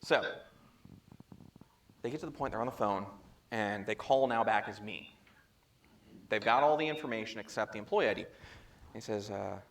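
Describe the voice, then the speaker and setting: A man presenting at a security chapter meeting, telling a story in a lively way and acting out the dialogue, speaking into a handheld microphone. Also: on the low side, moderate pace, creaky, pauses often. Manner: animated storyteller who acts out quoted dialogue. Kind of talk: conference talk, storytelling. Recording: echoey room, faint background noise.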